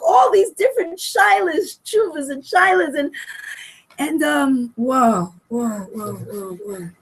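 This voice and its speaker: A woman in her sixties giving a heartfelt storytelling talk at a memorial gathering, emotional, repeating phrases and swinging from soft to loud. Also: extremely high pitch. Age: 60s.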